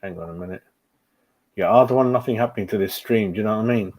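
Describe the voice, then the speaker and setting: A man's voice: fairly low pitch, quick pace, darkish tone. Middle-aged man, live stream host, casual and distracted chatter. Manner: chatty, distracted, muttering while fiddling with a computer. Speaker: fan channel host.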